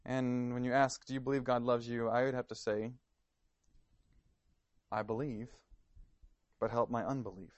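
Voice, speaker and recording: A man's voice: medium pitch, steady tone, moderate pace, long pauses, dry recording. A man preaching a sermon, earnest and questioning, sometimes repeating words as he starts a phrase. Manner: earnest, searching questions, some stammered repeats.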